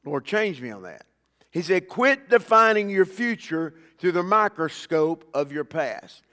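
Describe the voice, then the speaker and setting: A man preaching a sermon in a folksy way, rising loud on scripture and dropping soft for asides. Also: high-pitched, big pitch swings, a little slow, big-room sound. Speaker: pastor.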